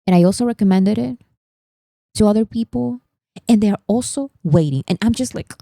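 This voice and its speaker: A woman's voice: mid-range voice, normal speed, gravelly, warm tone, no room sound. A young woman hosting a vlog, talking through pop-culture news in a chatty, emphatic way. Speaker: vlog host. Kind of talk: casual pop-culture commentary. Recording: dry, no pop filter.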